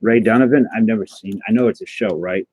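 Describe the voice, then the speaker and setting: A man's voice: lowish voice, fast, darkish tone, breathy edge. A man hosting a casual livestream, chatting and answering his viewers as he goes. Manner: chatty, answers chat messages aloud, stumbles and restarts. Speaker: livestream host opening trading cards.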